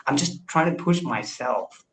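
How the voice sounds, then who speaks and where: A young man from India talks over a video call in an eager, self-deprecating way, stumbling and restarting as he explains himself. His voice sits at an ordinary middle pitch for a man. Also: expressive, moderate pace, fairly bright tone, poor audio. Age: 20s. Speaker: language learner. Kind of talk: casual video call conversation.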